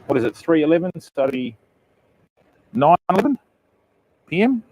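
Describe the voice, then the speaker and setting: A man's voice: on the high side, big pitch swings, normal speed, dry recording, highs cut off. An Australian man chatting casually with viewers on his live stream while fishing outdoors at night, greeting each viewer by name and calling them mate and bud. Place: remote beach at night, outdoors.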